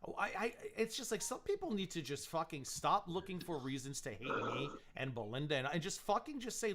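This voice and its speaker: A man's voice: fairly high pitch, very animated, brisk, hardly any pauses, fairly bright tone. A man hosting a livestream panel, ranting angrily and swearing a lot. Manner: angry profane ranting.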